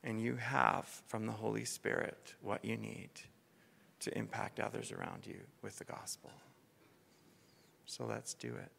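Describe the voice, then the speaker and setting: A pastor preaching a sermon from a church stage, telling stories with passion and building to excited, near-shouted peaks. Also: mid-range voice, normal speed, vocal fry, a little hiss or hum. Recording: long reverb of a church hall.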